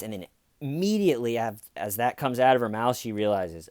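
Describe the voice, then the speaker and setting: A man hosts a comedic true crime commentary, talking with a sarcastic edge and slipping into mocking voices for the people he quotes. His voice is smooth and resonant, and it is recorded close and dry with no room sound. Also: lowish voice, animated, normal speed, darkish tone, dry recording.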